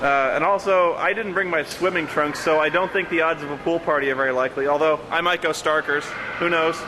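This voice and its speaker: A man hosting a vlog, telling a story in a casual, animated and profane way, laughing as he goes. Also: on the high side, a little fast, noisy background. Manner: animated, profane, laughs through his stories. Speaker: vlog host. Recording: echoey room, mic at a distance.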